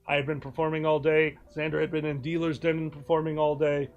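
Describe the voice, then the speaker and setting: A man hosting a live stream, telling a funny story in an animated way and laughing often. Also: on the high side, fast talker, lo-fi sound. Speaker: streaming show host. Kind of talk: casual storytelling chat.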